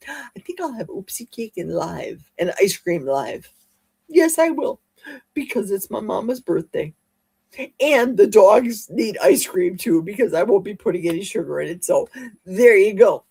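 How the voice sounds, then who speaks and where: A woman hosts a casual livestream from home, chatty and exclamatory as she reads viewer comments aloud. Her voice is medium in pitch, warm and husky.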